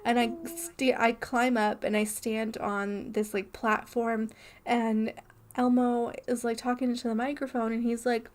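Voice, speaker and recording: A woman's voice: a little high, level tone, unhurried. A young woman co-hosting a podcast, telling a story in a rambling, casual way full of "like" and restarts. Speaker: podcast co-host.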